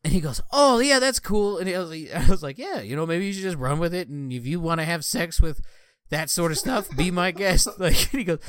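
A man's voice: fairly high pitch, brisk, fairly bright tone, no echo, clean studio sound. A young man co-hosting a podcast, telling gaming stories in casual chat and acting out other players' lines with a laugh. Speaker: podcast co-host.

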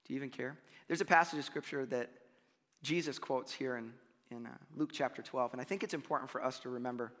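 A man preaching a sermon, animated and conversational, dropping frequent "right?" and "you know" asides. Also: mid-range voice, fairly quick. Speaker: pastor. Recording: long hall reverb.

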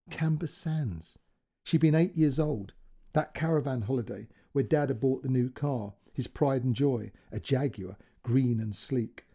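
Male storyteller, warm low timbre, breathy edge, reads fiction with feeling. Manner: gentle, emotive reading that voices each character. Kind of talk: scripted narration.

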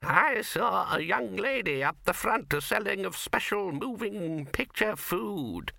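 A cackling, toothless old wizard squeaks high above his speaking voice, mumbling and quavering with a crafty edge. His wavering voice is dry and close, with no room around it. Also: animated, unhurried, creaky, sharp tone, no echo, exaggerated voice. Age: older.

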